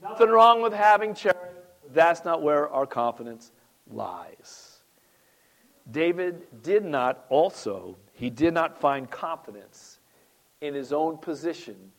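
A man preaching a sermon as pastor, animated and addressing the congregation directly, with big rises and drops in his delivery. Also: mid-range voice, takes it slowly.

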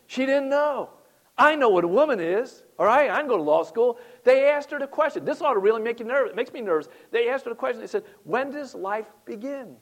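Pastor guy preaching, high voice, gets loud then drops way down, talks right to the crowd. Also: fast. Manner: animated, talks to the congregation, rises and drops sharply. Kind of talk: sermon.

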